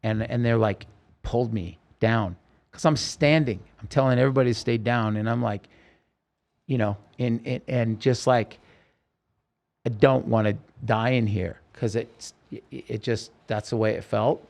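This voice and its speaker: A man with a creaky, a little mellow, medium-pitched voice and fairly even intonation speaks at normal speed. He's a podcast host telling his own story as an interview guest, urgently and vividly, quoting people and restarting often.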